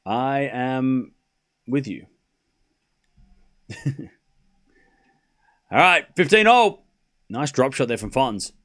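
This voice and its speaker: A man's voice: mid-range voice, big pitch swings, drawn-out words, pauses often, fairly bright tone. A man hosting a live tennis watchalong stream, calling scores casually between chatty, laughing asides, swearing freely. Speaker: stream host. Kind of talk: live sports watchalong commentary.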